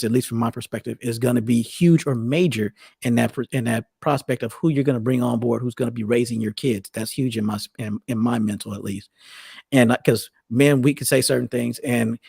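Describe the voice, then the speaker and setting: Middle-aged guy with a really gravelly husky voice, talks quick and keeps restarting, dry close sound. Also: medium pitch, steady tone, a little mellow, dry recording. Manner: rambling, many restarts and self-corrections. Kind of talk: casual conversational talk.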